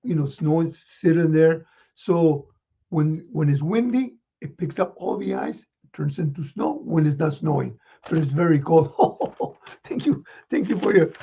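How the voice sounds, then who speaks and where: A man playing Santa Claus, reading children's letters with a folksy chuckle and many pauses. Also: fairly high pitch, vocal fry, mellow, breathy edge, muffled recording. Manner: chuckling, folksy, halting with fillers.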